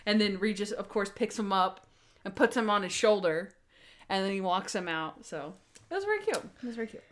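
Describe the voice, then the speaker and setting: A young woman co-hosting a podcast in casual chat, animated and acting out scenes in quoted voices. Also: medium pitch, brisk. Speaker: podcast co-host.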